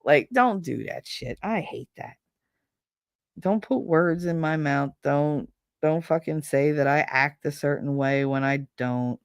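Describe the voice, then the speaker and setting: Blunt, gravelly-voiced woman telling stories. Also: sits low, measured pace, no echo, studio quality. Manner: blunt and profane, acts out quoted people. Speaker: podcast host. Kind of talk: casual storytelling chat.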